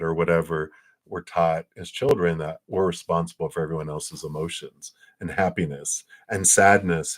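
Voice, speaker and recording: A man giving a casual spiritual talk on a livestream, animated and acting out quotes between chuckles. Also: deep voice, normal speed. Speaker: spiritual reader.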